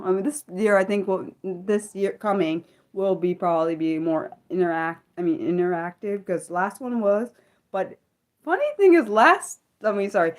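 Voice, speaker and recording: A woman's voice: medium pitch, darkish tone. Young american woman streaming, chatty and scattered, voice goes way up and down. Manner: rambling, many fillers and restarts, talks to chat viewers. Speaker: livestream host. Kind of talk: unscripted livestream chat.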